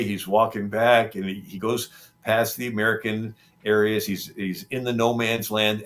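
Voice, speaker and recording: A man's voice: low voice, fairly bright tone. A man being interviewed as a historian, retelling history in a rambling conversational way with frequent ums and restarts. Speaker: historian guest. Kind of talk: conversational storytelling.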